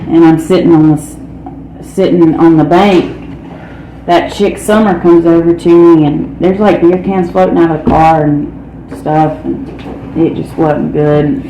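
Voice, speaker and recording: In an echoey meeting hall with faint background noise, a North Carolina woman with a low, warm voice gives a recovery testimony. She's candid and blunt, sprinkling her talk with "man" and "you know."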